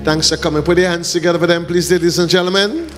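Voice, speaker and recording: A man's voice: sits high, steady tone, fast, a bit bright, in a large hall, soft background music. A man preaching as a pastor, joking and bantering with the congregation while handing out gifts, sometimes breaking into short sung lines. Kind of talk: church service, handing out gifts. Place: church hall.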